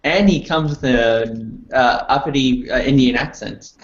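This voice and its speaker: A man's voice: mid-range voice, unhurried. A man steering a casual online debate chat, asking questions with hesitant fillers over a video call. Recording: roomy, dull lo-fi call audio.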